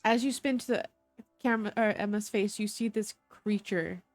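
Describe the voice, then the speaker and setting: A woman running a tabletop horror game, narrating scenes in an unhurried, descriptive way and calling for dice rolls. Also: medium pitch, no echo, soft background music. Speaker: game master.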